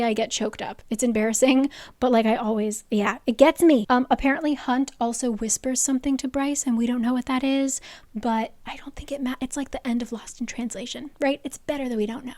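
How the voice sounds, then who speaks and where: Young woman, worn voice, rambling book recap, fairly high pitch, dry close sound. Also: darkish tone, no echo. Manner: chatty, rambling, lots of "like" asides; sarcastic, dramatic asides. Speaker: book summary creator. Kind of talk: casual spoiler recap of a novel.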